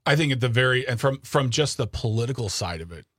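A man's voice: mid-range voice, lively intonation, fast, a bit bright, husky, no echo, studio quality. A man co-hosting a political discussion podcast, talking earnestly and rambling with frequent restarts. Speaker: podcast co-host.

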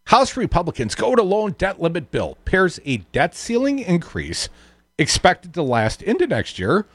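A man's voice: high-pitched, wildly swooping pitch, normal speed, no echo. A man hosting a political talk radio show, reading news items aloud and adding sardonic asides. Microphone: studio microphone.

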